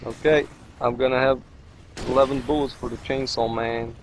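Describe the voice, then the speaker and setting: A man's voice: medium pitch, fairly even intonation, normal speed, low-quality recording. Non-native guy rambling thru a game playthrough, jokes at himself, bit of faint noise in the background. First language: not English. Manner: rambling, jokey, talks to himself. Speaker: let's play commentator. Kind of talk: casual gameplay commentary.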